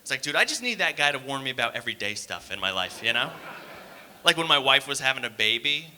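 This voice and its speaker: Young male stand-up comic, mid-range voice with a crisp bright edge, loose rambling patter. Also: mid-range voice, sing-song, fast talker. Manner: casual, rambling, many fillers and asides to the crowd. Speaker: stand-up comedian. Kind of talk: stand-up comedy set. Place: theater stage.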